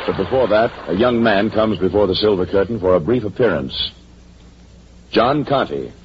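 Formal male radio host, low voice, muffled old broadcast with heavy noise. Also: expressive, normal speed. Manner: courteous, formal. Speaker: host and director.

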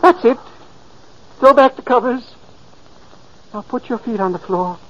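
A man's voice: very high voice, measured pace, a bit bright. An actor playing the earnest, pleading spirit of a dead older man in a 1940s radio drama. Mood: urgent. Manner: solemn, urgent narration. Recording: muffled old radio recording.

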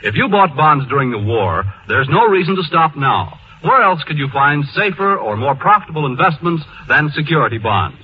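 A man's voice: fairly high pitch, lively intonation, moderate pace, hardly any pauses. A male announcer reading a scripted savings bond announcement on an old radio show. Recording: dull old radio broadcast, faint hiss.

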